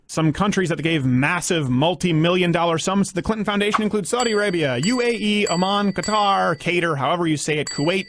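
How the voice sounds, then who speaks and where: A man narrates a political commentary with emphatic, sarcastic asides. His voice sits fairly high and swings widely in pitch. It is recorded close and dry. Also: no echo.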